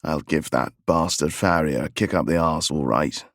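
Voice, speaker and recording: A man voicing a tall, blunt English gentleman on horseback, speaking in a deep, curt English accent. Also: moderate pace, no echo, studio quality. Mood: gruff.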